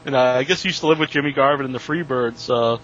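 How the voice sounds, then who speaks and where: A man's voice: medium pitch, quick pace, a bit bright, dull audio, a little hiss or hum. A man hosting an interview podcast, asking eager questions and laughing often. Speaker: host.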